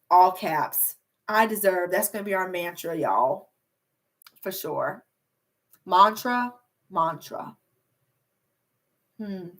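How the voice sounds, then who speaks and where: A woman's voice: mid-range voice, a bit bright. Bubbly chatty young woman YouTuber. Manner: chatty, bubbly, lots of filler words. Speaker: beauty and hair YouTuber. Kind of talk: casual livestream chat reading comments.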